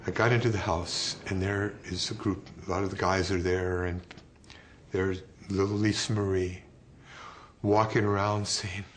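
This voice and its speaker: A man in a documentary interview, telling his memories in a vivid, halting way. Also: deep voice, little pitch movement. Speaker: interviewee recalling a friend's death.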